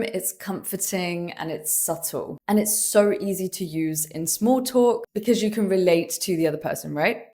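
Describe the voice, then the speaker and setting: A woman's voice: on the low side, a little mellow. British woman teaching English phrases. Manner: acts out example lines with gasps and sighs. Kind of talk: scripted lesson.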